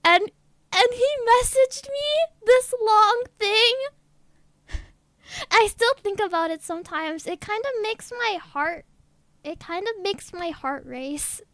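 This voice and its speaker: A woman's voice: very high voice, animated, takes it slowly, fairly bright tone, dry recording. A woman with a girlish, childlike voice, telling a story in a giggly, rambling way as a VTuber chatting on stream. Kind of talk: casual stream chat.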